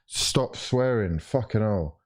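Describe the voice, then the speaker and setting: A young man ranting and swearing as he streams a live football watchalong, exasperated at his team. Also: slow pace. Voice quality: lively swings of pitch and loudness.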